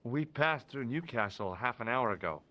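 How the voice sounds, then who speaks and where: A dry, cool-headed investigator in a video game. He speaks with sardonic wit, and his pitch moves in lively rises and falls. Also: normal speed.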